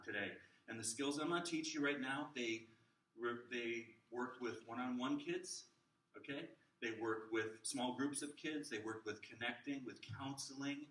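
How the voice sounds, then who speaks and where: A man's voice: mid-range voice, bright, forceful tone. A man teaching a workshop to church volunteers on working with kids, in a chatty style that keeps checking in with his audience. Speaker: children's ministry trainer. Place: church room with adult trainees. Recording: echoey room, distant mic, faint noise.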